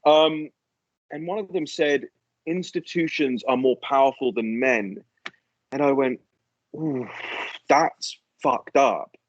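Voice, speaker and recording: A man's voice: medium pitch, takes it slowly, long pauses, dry recording, dull audio. A man as a guest in a casual political chat, ranting animatedly and swearing freely.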